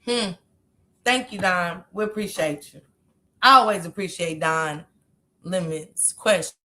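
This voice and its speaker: A woman's voice: fairly low pitch, a little slow, bright, forceful tone. A woman doing sassy casual live commentary, talking back to clips. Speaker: commentary streamer.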